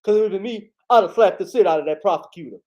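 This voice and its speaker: A man doing an impression of a boastful male sports pundit, loudly repeating his co-host's name. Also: sits high, rapid-fire, lo-fi sound, natural voice.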